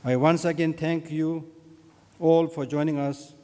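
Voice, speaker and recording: A man, a Buddhist scholar, giving a formal opening address at a conference, earnest and measured. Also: a little high, flat delivery, warm tone. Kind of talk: formal ceremonial speech. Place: conference hall. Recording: long reverb of a large hall.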